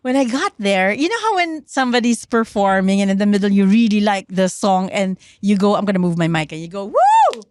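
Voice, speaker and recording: A middle-aged woman with a Filipino accent, chatting on a podcast as a guest and trauma researcher. She tells her story with animated energy, mixes English with Tagalog, and shrieks when she acts out screams. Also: mid-range voice, fairly quick, few pauses, slight background noise. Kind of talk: casual podcast chat.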